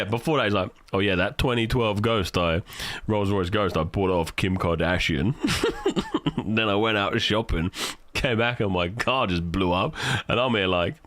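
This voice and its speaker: A British man streaming live, chatting casually and telling stories in a profane, animated way. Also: fairly low pitch, moderate pace, no echo. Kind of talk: casual livestream chat.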